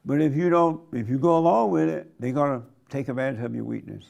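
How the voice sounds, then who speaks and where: A man's voice: medium pitch, fast talker, creaky, a little mellow. A man preaching an informal sermon, blunt and conversational, with a folksy way of telling stories. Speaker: preacher and host.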